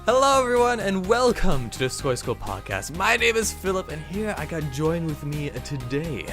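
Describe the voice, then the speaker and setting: Young guy hosting a chill podcast, bright voice, bouncy pitch, laughs a lot. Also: normal speed, soft background music. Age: about 20. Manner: playful, laughing, animated. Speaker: podcast host. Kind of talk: casual chat.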